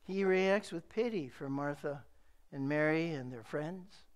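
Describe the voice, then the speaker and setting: Middle-aged pastor guy, highish smooth voice, slow measured sermon, hits the repeats hard. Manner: slow, measured preaching with emphatic repetition.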